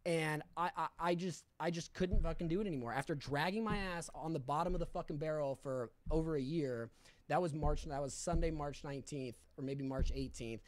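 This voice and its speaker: A young man tells his story in a loose, candid way, swearing often and stumbling through fillers. His voice sits a little high for a man. The sound is dry and close, with no room echo. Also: fairly quick. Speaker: podcast guest. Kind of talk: casual storytelling.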